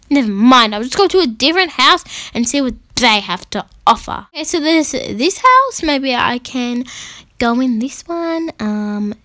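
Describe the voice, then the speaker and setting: A woman's voice: high-pitched, a bit bright, dry recording. A woman hosting her gaming channel, chatting casually through her gameplay with frequent gasps and exclamations. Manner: chatty, giggly, gasping and exclaiming.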